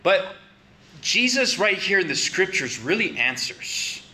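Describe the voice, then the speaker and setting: Male preacher, bright and higher-pitched, conversational sermon delivery with emphatic rises. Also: very animated, a little slow. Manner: conversational, rising to emphatic questions.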